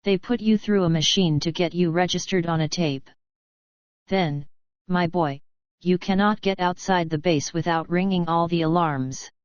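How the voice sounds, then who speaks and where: A woman's voice: fairly low pitch, normal speed, clear, resonant tone, dry recording, highs cut off, close to an everyday voice. A woman reading the part of Kurt, a scornful young foreign man who whispers urgent warnings, in an audiobook.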